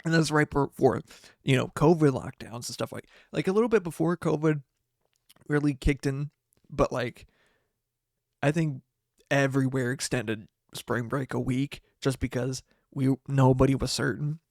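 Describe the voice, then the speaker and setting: Young man, podcast host, gravelly voice, halting restarts, dry close sound. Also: mid-range voice, darkish tone, no echo. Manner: halting, many restarts, laughs through sad parts. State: tearful. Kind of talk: casual storytelling monologue.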